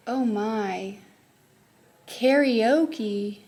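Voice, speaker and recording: A young woman, a high school teacher, chatting casually to her phone camera in a vlog, upbeat and full of "like" and "um". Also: very slow, a little mellow, breathy edge. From Texas. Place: her car and classroom.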